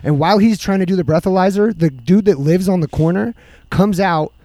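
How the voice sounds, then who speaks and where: A man's voice: high-pitched, brisk, mellow, no echo. A man casually telling rambling, profane party stories among friends.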